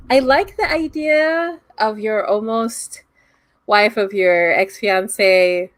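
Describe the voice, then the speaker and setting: A woman running a tabletop game as game master, lively and quick to laugh, speaking into an online call mic. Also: mid-range voice, a little hiss or hum.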